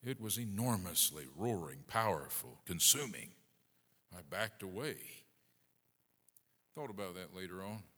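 Middle-aged preacher guy, bright lively voice, big swings loud to hushed, long hall echo. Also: sits low, unhurried, pauses often. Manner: dramatic, wide swings between loud emphasis and hushed asides. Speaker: pastor. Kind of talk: sermon. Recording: long reverb of a large hall.

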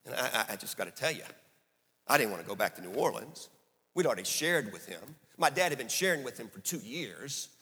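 A middle-aged man preaching a sermon as a story, swinging from hushed passages to emphatic peaks. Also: medium pitch, big pitch swings, brisk, slightly rough. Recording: echoey hall.

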